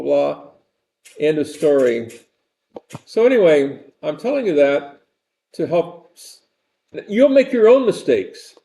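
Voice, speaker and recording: A man's voice: fairly high pitch, vocal fry, mellow. An older man giving a rambling, conversational university lecture and repeating his phrases.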